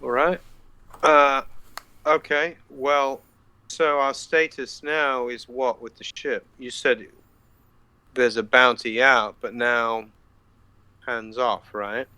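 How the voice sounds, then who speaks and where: A man playing a tabletop role-playing game, asking easygoing questions in a relaxed way. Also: mid-range voice, slow, long pauses, clean tone, no room sound. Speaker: player. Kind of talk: casual tabletop play.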